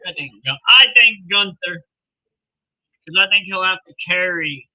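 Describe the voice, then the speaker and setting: A man with a high, very bright voice chats his way through a live wrestling broadcast, joking and laughing as he goes. The sound is slightly dull and lo-fi. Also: expressive, unhurried, pauses often. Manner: chatty, laughs often, jokey. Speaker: live stream host. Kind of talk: casual live commentary.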